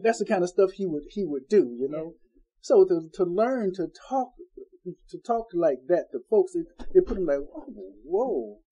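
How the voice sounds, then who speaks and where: A man's voice: sits high, lively intonation, normal speed, dark tone, slightly rough, low-quality recording. A man preaching an informal Bible-study sermon in a folksy, conversational way, acting out the people he quotes.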